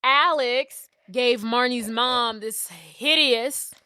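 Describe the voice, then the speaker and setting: A woman with a bright, forceful voice pitched a little high retells a movie plot in loose, profane podcast chat. She throws herself into quoting the characters. The sound is close and dry, with no room around it. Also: extremely slow, smooth, no echo. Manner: animated retelling, profane, acts out quotes. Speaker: podcast co-host. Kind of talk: casual movie recap chat.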